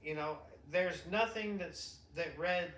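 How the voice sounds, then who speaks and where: A middle-aged man, a father co-hosting a podcast, telling a story in casual, profane chat and breaking into shouted impressions. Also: fairly high pitch, takes it slowly, reverberant.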